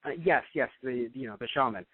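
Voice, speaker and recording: A young man hosting a casual review chat, rambling and animated. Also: medium pitch, fairly quick, slightly rough, no echo. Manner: animated, rambling, slips into mocking impressions. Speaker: podcast host. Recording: dry, tinny phone-like sound.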